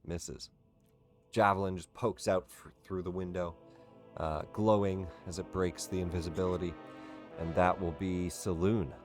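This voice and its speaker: Very deep-voiced man running the game. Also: a little slow, faint music behind. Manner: relaxed, matter-of-fact rulings with fillers. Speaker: game master. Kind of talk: running a tabletop game online.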